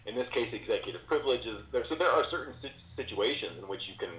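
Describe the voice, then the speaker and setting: A man's voice: medium pitch, animated, quick pace. Male co-host, hesitant explainer, dull lo-fi audio with room echo. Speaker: podcast co-host. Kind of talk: casual political chat. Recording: roomy, dull lo-fi sound.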